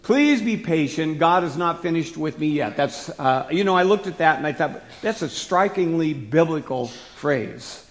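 A man preaching a sermon as pastor, stressing key words loudly, then dropping to soft asides. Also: on the high side, animated, moderate pace, hardly any pauses. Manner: emphatic, swings between loud stresses and soft asides. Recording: long hall reverb.

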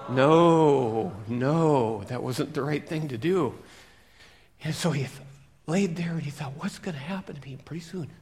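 A male preacher telling a Bible story in a lively, interactive way, asking his listeners questions as he goes. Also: on the high side, measured pace, slight background noise. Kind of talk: storytelling sermon.

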